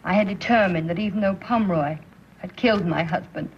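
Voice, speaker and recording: An actress playing a troubled, determined widow speaking with tense, bitter earnestness in a 1930s radio drama. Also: female voice, mid-range voice, fairly quick, slight background noise, natural voice. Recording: muffled 1930s radio recording.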